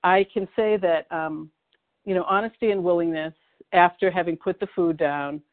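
A woman from the Boston area sharing her recovery story at a meeting, halting and emotional, with many pauses and restarts. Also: on the low side, fairly even intonation. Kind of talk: personal recovery share. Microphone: phone dial-in. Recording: tinny phone line.

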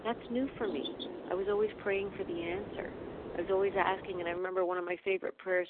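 A woman's voice: lowish voice, fairly even intonation, brisk, noisy background. A woman from Canada sharing in a recovery meeting, earnest and reflective. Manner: earnest, reflective, quotes her own old prayers. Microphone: phone call. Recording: tinny phone line.

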